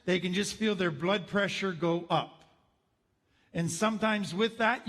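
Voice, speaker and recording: Male lecturer, high voice, earnest and explanatory, long hall reverb. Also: a bit bright. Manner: earnest, explanatory, acts out inner thoughts. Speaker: counselor teaching a course. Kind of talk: recorded lecture.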